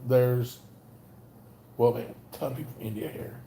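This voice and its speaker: A man's voice: medium pitch, moderate pace, creaky, warm tone, slight background noise. A man with a Southern Alabama accent, rambling casually and greeting viewers by name on a livestream. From North Alabama. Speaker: livestream host.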